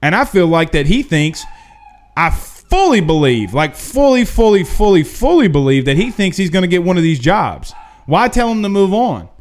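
A man hosting a casual livestream, answering chat questions in an excitable, emphatic, repetitive way. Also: fairly high pitch, moderate pace. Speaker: livestream host.

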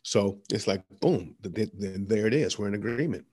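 A man's voice: lowish voice, normal speed, warm tone, husky. A man, a motivational speaker, talking as a guest in an interview, emphatic and repetitive, telling stories with energy. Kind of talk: conversational interview, preaching.

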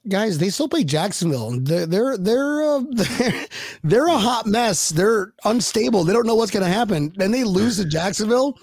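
A man co-hosting a sports fan podcast, rambling and hyped, with loud bursts of laughter and yelling. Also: high voice, very animated, normal speed, slightly rough, no echo, studio quality. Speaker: podcast co-host. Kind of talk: excited sports fan chat.

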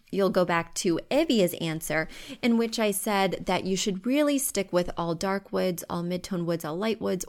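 A woman hosting a podcast from home, giving chatty, emphatic design advice. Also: lowish voice.

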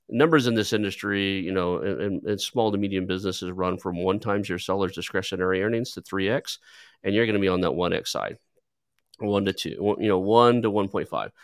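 A man with a very low voice talks casually, drifting through anecdotes with frequent fillers and restarts. The sound is dry and close. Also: no room sound. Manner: rambling, storytelling with filler words. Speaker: podcast host who buys businesses. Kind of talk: casual conversational interview.

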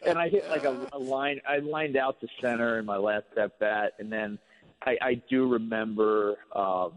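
A former ballplayer on a radio interview, telling a long story in a relaxed, rambling way full of fillers. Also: male voice, medium pitch, normal speed, in a large hall. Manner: relaxed, rambling, many fillers like "you know". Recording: phone-line sound on radio.

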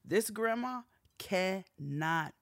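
A woman co-hosting a casual podcast chat, expressive and blunt, laughing as she tells family stories. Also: medium pitch, very slow, creaky, no echo, studio quality. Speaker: podcast co-host.

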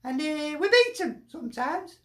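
A woman's voice: high-pitched, very animated, moderate pace, a bit bright, roomy sound, faint music behind. A woman with a Lancashire accent, a football fan sending in a chatty, jokey video message and laughing often.

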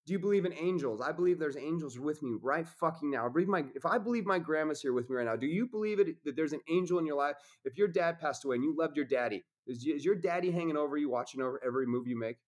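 A man's voice: on the high side, fast talker, hardly any pauses. A man talking as a podcast guest in casual conversation, intense and preachy, swearing freely.

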